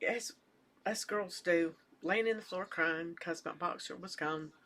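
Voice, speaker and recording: An older woman with a lowish, soft-spoken voice chats casually at home as a knitting vlogger. She rambles and sometimes trails off into near-whispers.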